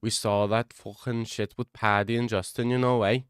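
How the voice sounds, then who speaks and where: A man streaming in casual chat, reacting to viewers, excitable and profane, often repeating himself. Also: lowish voice, moderate pace, smooth, no echo, clean studio sound.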